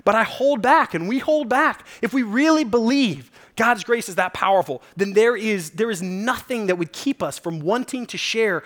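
A man's voice: high-pitched, expressive, normal speed, few pauses, a bit bright. A male pastor giving a sermon in a casual, conversational way, telling stories and urging his listeners directly. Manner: casual, conversational preaching with storytelling.

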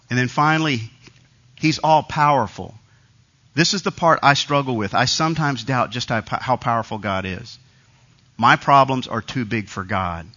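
Guy preaching to a men's group, bright tense voice, chatty but punchy, kinda dull lo-fi recording. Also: mid-range voice. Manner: conversational, emphatic preaching with repeated phrases. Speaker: pastor. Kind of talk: sermon.

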